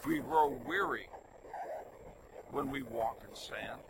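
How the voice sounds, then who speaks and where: Animated older male preacher, noisy recording. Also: mid-range voice, takes it slowly, vocal fry. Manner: animated storytelling, swings between loud emphasis and soft asides. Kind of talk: sermon.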